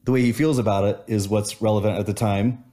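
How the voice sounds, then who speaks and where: Male guest, low voice, reflective storyteller, loose restarts, casual podcast chat. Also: steady tone, brisk, mellow. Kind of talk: casual conversation.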